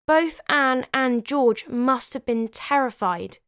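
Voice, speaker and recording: A woman's voice: sits high, takes it slowly, few pauses, fairly bright tone, clear, resonant tone, no room sound, clean studio sound. A woman hosting a history video, telling the story in a scripted but conversational way, with chatty asides.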